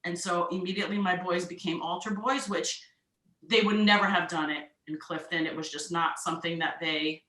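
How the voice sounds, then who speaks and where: A woman guest with a bright, forceful voice tells her story earnestly, leaning hard on key words. She sounds roomy and echoey, as if talking from a bare room. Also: lowish voice, fairly even intonation, a little fast. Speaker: guest, children's book author. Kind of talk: casual interview chat. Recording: roomy echo.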